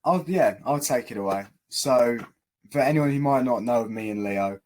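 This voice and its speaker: A man's voice: medium pitch, normal speed, darkish tone. A man from England with a British accent, a musician guest, chatting in a jokey, easy way. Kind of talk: casual chat.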